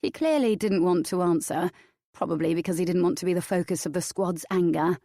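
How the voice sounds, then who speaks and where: A woman reading an audiobook in the first person with steady, even storytelling. Her voice is warm, mellow and slightly low. The recording is dry and close, with no room echo. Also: brisk. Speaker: audiobook narrator. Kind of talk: scripted first-person narration.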